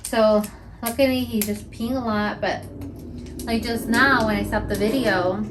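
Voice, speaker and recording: A woman's voice: fairly high pitch, fairly even intonation, measured pace, background noise. A young woman hosting a mental health podcast, talking casually and emotionally in a rambling vlog monologue full of "like". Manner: rambling and emotional, heavy use of filler "like".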